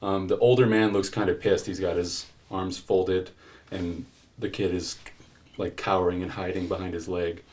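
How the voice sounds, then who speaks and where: A man's voice: sits low, level tone, normal speed, darkish tone. A man narrating a tabletop game as game master, loose with many fillers.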